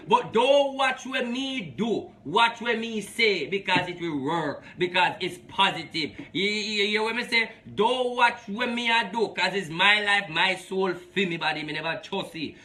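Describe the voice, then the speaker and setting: Very high, bright-voiced man. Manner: emphatic, preachy, mixes patois with English. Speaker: spiritual advisor and show host. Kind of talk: live reading show monologue.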